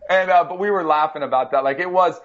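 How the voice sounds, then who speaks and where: Brief: ex-football player co-host, male, a bit high-voiced, chatty storyteller, dull muffled audio. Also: fast talker. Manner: animated storyteller, many fillers. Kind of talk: casual sports talk.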